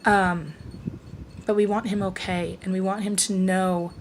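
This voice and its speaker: A middle-aged woman speaks to her vlog audience at a measured pace, her medium-pitched voice showing little pitch movement. Frank and confiding, she sounds winded and worn, swears freely, and trails off before restarting. Slight background noise is present.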